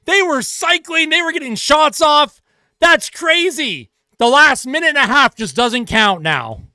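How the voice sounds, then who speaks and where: Swearing and exasperated, this male streamer gives live fan reaction and play-by-play, ranting at the calls. He has a very high, sharp voice with lively intonation at a measured pace, recorded cleanly in a studio with no echo.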